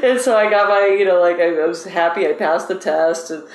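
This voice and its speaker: A woman fishing guide, excitable and animated, telling stories in a casual interview. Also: fairly low pitch, a little fast, echoey room, rough recording.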